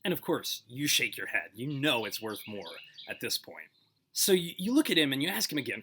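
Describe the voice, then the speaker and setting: A man's voice: mid-range voice, big pitch swings, normal speed, sharp tone, a little hiss or hum. A man telling a story in a casual, conversational way, with many fillers and restarts.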